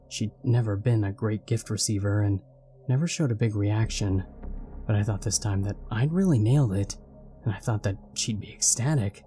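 A man with a low, dark voice reads a horror story in a measured, steady way. Faint music plays behind him. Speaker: narrator. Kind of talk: scripted horror story narration. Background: faint background music.

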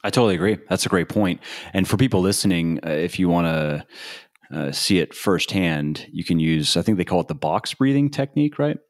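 A man hosting a podcast, talking in a relaxed, hesitant way with many fillers. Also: sits low, brisk, dry recording, studio quality. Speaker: podcast host. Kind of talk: podcast conversation.

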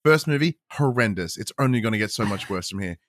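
Rambling Australian podcast guest. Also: male voice, on the low side, fast talker, no echo, clean studio sound. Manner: rambling, animated, lots of "like". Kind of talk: casual podcast chat.

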